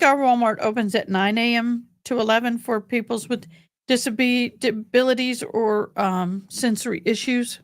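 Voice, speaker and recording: Chatting casually with her livestream audience, a middle-aged woman calls viewers "honey" and "boo." Her voice is a little high and steady at a normal speed, captured in clean studio sound with no echo.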